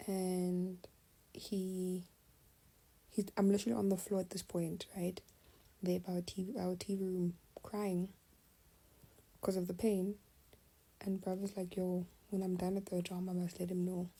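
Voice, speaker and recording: In a rough recording, a young woman with a husky mid-range voice recounts something that happened to her, casual and confiding. She retells it animatedly, slipping into a half-whisper again and again.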